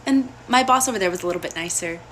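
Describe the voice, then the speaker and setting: A woman's voice: fairly low pitch, racing, a little hiss or hum. Blunt young woman telling her story. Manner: blunt, profane, animated. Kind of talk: casual storytime video.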